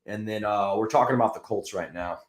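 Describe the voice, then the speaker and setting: A man's voice: on the low side, brisk. A man hosting a casual sports chat, rambling with lots of fillers and restarts. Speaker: podcast host. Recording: echoey room.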